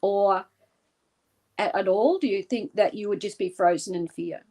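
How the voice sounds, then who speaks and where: A woman from Australia, a guest in an interview, leading a guided visualization with an intense, deliberate, vivid way of telling. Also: medium pitch, warm tone.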